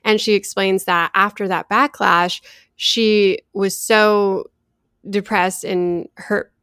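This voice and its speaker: A woman's voice: medium pitch, fairly even intonation, slow pace, a bit bright, smooth, no echo, clean studio sound. A woman co-hosting a casual pop culture chat, talking loosely with many fillers. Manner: chatty, lots of "like" fillers. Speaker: podcast co-host.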